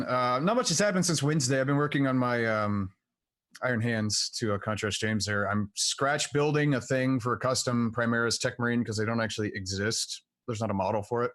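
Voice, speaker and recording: A man from the Southern United States, a player chatting casually in a loud, joking way. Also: medium pitch, a little fast, dry recording, studio quality. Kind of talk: casual chat.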